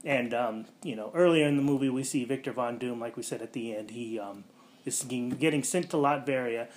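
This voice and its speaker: A man hosting a casual podcast, rambling through a movie plot with lots of fillers and quick voiced-out quotes. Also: medium pitch, a little hiss or hum. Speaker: podcast host.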